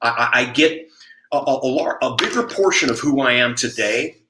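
A man's voice: medium pitch, expressive, moderate pace, sharp tone, echoey room, slight background noise, rough recording. A man and jiu-jitsu coach telling stories in casual chat, blunt and profane, with frequent stammered restarts. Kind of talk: storytelling in casual podcast chat.

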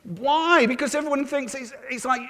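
A man delivers a lively sermon from the pulpit, his voice sitting high for a man. He talks fast and loose, slipping into little voices to act out what others say. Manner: lively, acts out quotes of others. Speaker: pastor.

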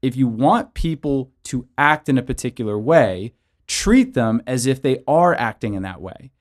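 A man's voice: medium pitch, expressive, normal speed. A man who is a pastor and show host, giving conversational Bible teaching and practical counseling advice in an earnest way, often adding "right?". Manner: earnest, with frequent tag questions of "right?".

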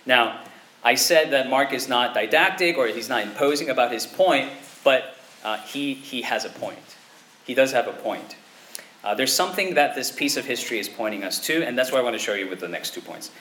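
A man preaching a sermon in a conversational way, often checking in with his listeners with a quick "okay?" or "right?". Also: medium pitch, lively intonation, bright, forceful tone, slight background noise. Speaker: pastor.

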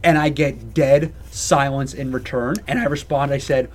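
A man's voice: mid-range voice, steady tone, normal speed. A young man co-hosting a casual podcast, ranting animatedly and swearing freely. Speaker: podcast co-host. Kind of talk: casual chat.

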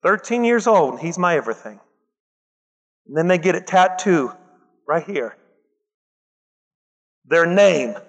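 A man preaching a lively sermon, acting out the people he quotes and breaking into loud bursts. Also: sits high, slow, long pauses, muffled recording. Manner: animated, acts out quoted voices, loud bursts. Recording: long hall reverb.

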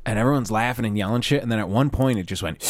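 A man telling a relaxed, swear-filled story in casual chat. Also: fairly low pitch, fast, no echo.

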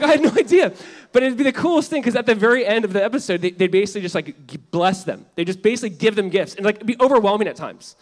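A pastor delivering a sermon in a fairly high male voice. He talks casually, full of fillers and asides, then drives points home loudly before dropping to a hush. The delivery stays animated and conversational throughout. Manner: animated and conversational, swinging between loud emphasis and hushed lines.

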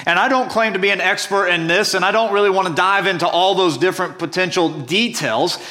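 A man's voice: sits high, fairly quick, bright, forceful tone. A man preaching a sermon as pastor, reading scripture and explaining it earnestly and emphatically.

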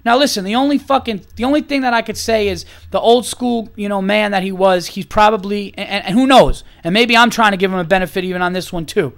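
A man in his thirties with a high voice delivers a furious, profane podcast rant. He hammers his points over and over with emphatic, heated repetition. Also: fast, creaky, few pauses, a bit bright. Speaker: podcast host. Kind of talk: angry opinion rant.

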